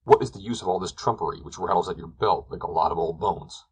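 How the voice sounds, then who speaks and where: A man's voice: low voice, fast talker, breathy edge. A man voicing a blunt, plain-spoken mountain shepherd in a storybook reading, skeptical and down to earth.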